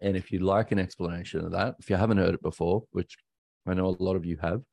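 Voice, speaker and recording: Australian male podcast host, very low voice, dry close sound, halting candid storytelling. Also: fairly even intonation, vocal fry, a little mellow, no echo. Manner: candid, halting, self-correcting. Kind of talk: personal storytelling monologue.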